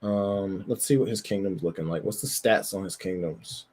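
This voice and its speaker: A man's voice: deep voice, moderate pace, darkish tone. A man streaming, chatting casually and profanely as he looks over a tabletop game, laughing often. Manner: loose, profane, laughs often, rambling with filler words. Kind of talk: casual chat while browsing a tabletop game.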